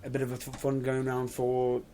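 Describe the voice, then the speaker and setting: Excitable guy who keeps cutting in, normal pitch, bit of hiss behind. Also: a little fast. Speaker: podcast co-host. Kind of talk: casual banter.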